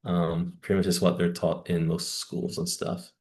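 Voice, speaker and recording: A man's voice: deep voice, flat delivery, normal speed, darkish tone. A man with an American Southern accent, giving a casual lecture over slides as a teacher trainer, chatty with wry asides. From Southern United States.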